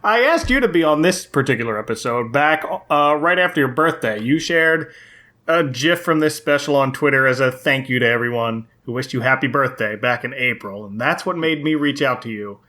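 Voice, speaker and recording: Bright-voiced man hosting a podcast. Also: mid-range voice, moderate pace. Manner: jokey, laughs often. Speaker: podcast host. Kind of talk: casual podcast chat.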